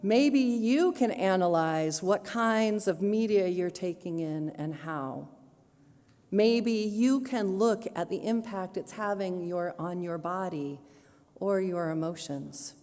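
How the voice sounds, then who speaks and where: A woman minister preaches to her congregation in an earnest, pastoral way, with touches of gentle humor. She speaks slowly and deliberately, her voice at a middling pitch. Her words ring out with a long reverb in the sanctuary. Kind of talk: sermon. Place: church sanctuary.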